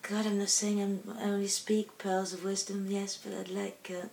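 A woman's voice: mid-range voice, little pitch movement, normal speed, creaky, a little mellow, roomy sound, distant mic. A woman singer-songwriter answering interview questions casually and hesitantly, often searching for her words.

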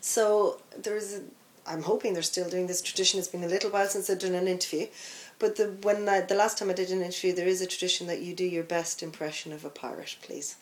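A woman's voice: fairly low pitch, fairly even intonation, fast, hardly any pauses. A woman interviewer asking casual questions in a chatty, rambling way, often restarting her sentences.

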